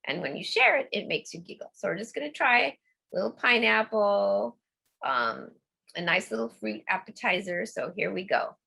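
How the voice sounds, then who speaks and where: A middle-aged woman leading a laughter yoga class, coaxing and playful, breaking into deliberate laughs. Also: medium pitch, sing-song, creaky, pushed and bright, husky. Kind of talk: guided laughter exercise class.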